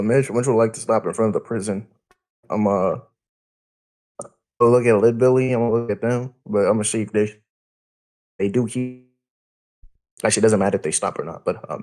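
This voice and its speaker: A man at a tabletop game, working out his character's actions out loud as he goes. His voice is on the low side and casual. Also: fairly quick, pauses often, rough recording. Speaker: player.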